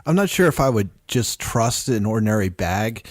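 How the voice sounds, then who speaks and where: A man co-hosting a podcast, joking in a slow, deadpan way. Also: on the low side, no room sound, clean studio sound. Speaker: podcast co-host. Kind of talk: casual podcast chat.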